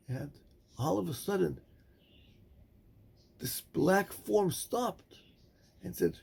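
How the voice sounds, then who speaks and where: A rabbi delivers a sermon and tells its story in measured phrases with dramatic pauses. His voice is strongly gravelly and husky, and it is fairly high for a man. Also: animated, darkish tone.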